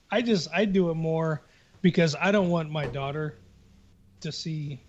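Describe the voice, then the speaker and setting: A man's voice: fairly high pitch, slow, darkish tone, dull audio. Blunt, profane man telling stories. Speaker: podcast co-host. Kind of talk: casual chat.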